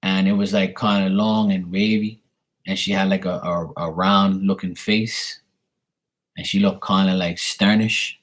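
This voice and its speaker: Husky-voiced man joking on a livestream. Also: low voice, little pitch movement, measured pace. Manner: crude, joking, streetwise banter. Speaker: livestream host doing psychic readings. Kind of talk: casual live-stream chat.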